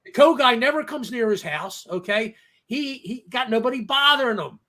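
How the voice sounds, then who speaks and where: High, lively man telling stories emphatically. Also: moderate pace. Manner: emphatic, storytelling, keeps adding "okay?". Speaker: co-host. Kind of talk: casual podcast chat.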